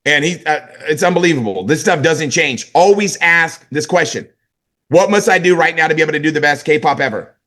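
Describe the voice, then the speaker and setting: A forceful, bright-toned middle-aged man from California gives a high-energy sales pep talk. He hammers short catchphrases and keeps tagging lines with "right?" and "okay?". His voice sits a little high for a man. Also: animated, brisk. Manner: emphatic, repeats catchphrases, asks "right?" and "okay?". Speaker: motivational sales trainer.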